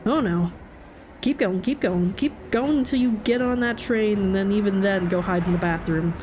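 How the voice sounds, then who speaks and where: A woman's voice: mid-range voice, normal speed, darkish tone, slight background noise. A woman giving casual, jokey commentary while playing through a game, reacting with nervous laughs. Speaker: gaming video creator.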